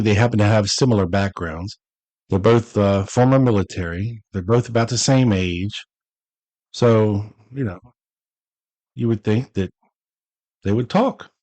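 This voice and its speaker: A man hosting a podcast, reading an old statement aloud and breaking off for relaxed, chatty asides with drawn-out emphasis. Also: lowish voice, no echo, low-quality recording. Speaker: podcast host.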